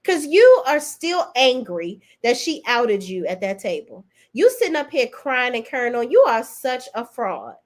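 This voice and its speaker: A woman hosting a podcast gives a casual, blunt, sassy recap of a reality show in slangy talk, offering opinionated commentary. Her voice is a little high and very animated, at a moderate pace with few pauses.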